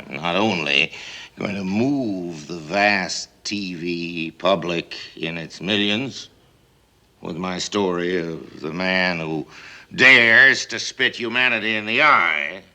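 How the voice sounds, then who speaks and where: A man's voice: deep voice, sharp tone, heavily acted. An actor playing a brash, boastful TV showman in a 1950s film, talking in a bombastic, domineering way. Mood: defiant. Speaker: TV broadcaster on safari.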